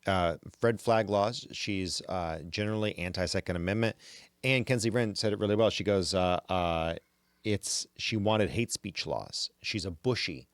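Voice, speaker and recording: Low-voiced opinionated male podcast host. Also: moderate pace, smooth, no echo. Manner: opinionated, stammers on restarts. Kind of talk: casual chat.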